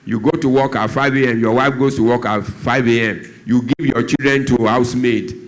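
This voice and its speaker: A man's voice: fairly even intonation, moderate pace. A Nigerian man, a doctor who speaks on drug abuse, gives a church talk. He tells stories and acts out the voices of the people in them. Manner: storytelling, acts out dialogue, shifts pitch a lot.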